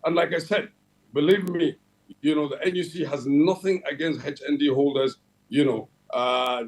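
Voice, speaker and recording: A man's voice: on the high side, steady tone, normal speed, a little mellow, low-quality recording. A Nigerian man heading a regulatory agency, answering in a TV interview in a formal official tone, with many fillers and restarts. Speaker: head of a regulatory agency, guest. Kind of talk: television interview.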